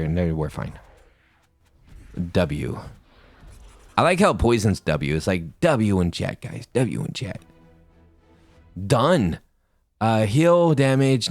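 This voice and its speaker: A man's voice: fairly low pitch, darkish tone, dry recording. A man giving playful gameplay commentary, talking to himself and cracking corny jokes as he plays. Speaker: gaming YouTuber.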